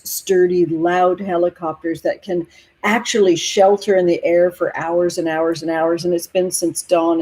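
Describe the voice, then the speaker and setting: Woman, tarot livestream host, soft husky voice, mellow tone, affectionate, gentle. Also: lowish voice, poor audio. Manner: affectionate, calls viewers honey and sweetheart; gentle and emotional. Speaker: tarot reader hosting a livestream. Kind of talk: casual livestream chat with viewers. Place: home near the ocean.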